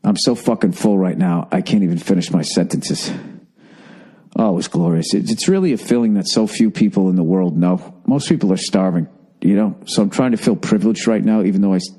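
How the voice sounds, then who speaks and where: A man's voice: low-pitched, fairly quick, mellow, breathy edge. A middle-aged man hosting a solo podcast, rambling in a profane, exasperated comic rant, overfull and thirsty. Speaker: podcast host.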